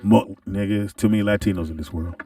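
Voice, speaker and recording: A man hosting a comedy podcast, telling a story in an animated, profane way, recorded from a distant mic. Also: on the low side, fast, no echo. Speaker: podcast host. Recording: distant mic in a dry room.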